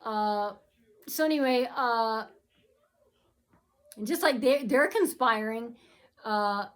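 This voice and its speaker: Rambling woman with a high voice. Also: takes it slowly. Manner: rambling and repetitive, complaining. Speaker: vlogger. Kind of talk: rambling personal vlog.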